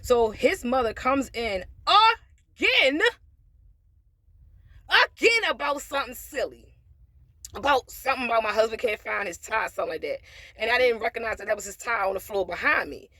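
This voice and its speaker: A woman's voice: fairly high pitch, animated, normal speed, sharp tone, no room sound. A woman vlogger telling a personal story in a casual monologue, blunt and profane, with preachy asides about faith.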